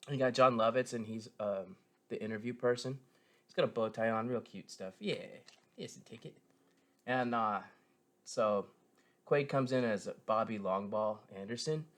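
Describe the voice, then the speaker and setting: A man's voice: on the low side, moderate pace. A man giving a casual, rambling spoken review, full of fillers, restarts and self-corrections, with a keen fan's tone. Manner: meandering, filler-heavy, frequent self-corrections; enthusiastic fan tone. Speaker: show reviewer.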